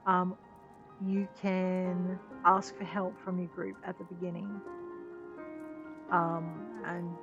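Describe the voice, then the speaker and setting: A woman's voice: fairly low pitch, level tone, takes it slowly, pauses often, over music. A woman giving casual, chatty commentary while she plays a game, joking at her own expense. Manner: chatty, self-deprecating, laughing. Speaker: gameplay streamer. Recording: dull lo-fi sound.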